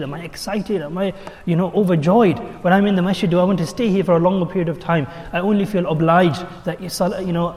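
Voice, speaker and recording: A man giving a mosque sermon as imam, telling stories with lively voices for the people in them. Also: a little high, long reverb tail. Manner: animated storytelling, acting out quoted voices.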